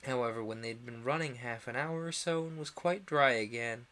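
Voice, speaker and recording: A man's voice: mid-range voice, moderate pace, sharp tone. A young man casually reading a storybook aloud on a stream, with small slips and restarts along the way.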